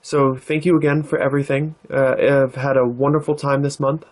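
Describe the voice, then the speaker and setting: A man hosting his own card-opening vlog, talking in a relaxed, thoughtful way with plenty of "uh"s and "um"s. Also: medium pitch, fairly quick. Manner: relaxed, thoughtful, with many fillers. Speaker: card-opening channel host. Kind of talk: casual vlog narration.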